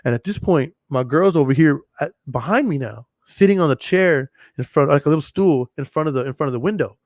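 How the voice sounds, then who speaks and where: Expressive and brisk, this podcast host's voice leans high, captured in clean studio sound without echo. His casual storytelling monologue is a long, rambling, profane story full of repetition.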